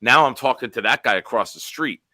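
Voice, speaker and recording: Profane storytelling man, bright forceful voice. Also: medium pitch, a little fast, no room sound. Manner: profane, animated anecdote-telling with quoted dialogue. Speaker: show host. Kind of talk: casual storytelling on a sports talk show.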